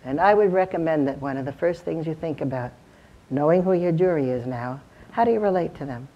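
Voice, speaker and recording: Speaking a little fast in a deep voice, a woman lectures lawyers in a live seminar as a communications consultant, posing rhetorical questions and acting out tones of voice. The audio is dull lo-fi.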